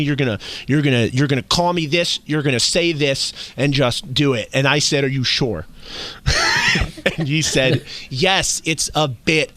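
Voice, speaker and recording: A man's voice: mid-range voice, pushed and bright. A young man on a radio show, a former intern, telling rambling stories with many restarts and laughs. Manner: rambling, halting, laughs often. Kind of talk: casual radio chat, storytelling.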